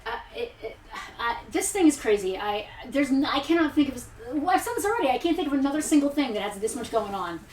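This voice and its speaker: A woman co-hosting a live toy review, excitable and quick to laugh, reading out viewer comments. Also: high-pitched. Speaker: co-host. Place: indoor studio room. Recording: echoey room, distant mic.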